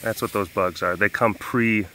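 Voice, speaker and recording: A man keeping big cats, narrating a casual vlog outdoors and cooing softly at the animals in baby talk. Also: fairly low pitch, fairly even intonation, normal speed, a little hiss or hum. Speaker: big cat keeper.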